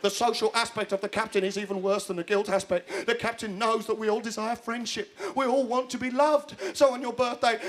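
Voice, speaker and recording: A man performing a live stand-up routine on a television stage, talking in a quick, theatrical way. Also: extremely high pitch, creaky, fairly bright tone. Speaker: stand-up comedian. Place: television studio stage before an audience. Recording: live audience laughter.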